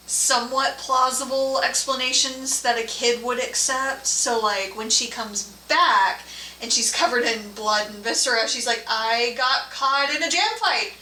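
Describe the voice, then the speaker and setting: A woman co-hosting a casual movie review chat. She laughs often and talks in a relaxed, chatty way. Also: fairly high pitch. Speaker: co-host of a movie and tea review show. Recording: roomy, from a distance, faint room noise.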